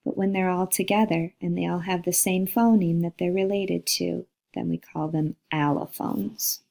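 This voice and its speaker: A woman's voice: fairly low pitch, steady tone, normal speed, vocal fry, mellow. A woman lecturing on linguistics, walking through slides and saying example words aloud to model each sound. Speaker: linguistics instructor. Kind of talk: recorded lecture over slides.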